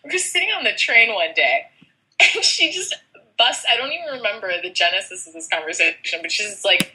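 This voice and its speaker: A woman from the States tells a story to a friend in easy, casual chat. Her voice is very bright and her pitch jumps all over. She laughs often and leans on "like" as she talks. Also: sing-song, a little fast, poor audio. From United States.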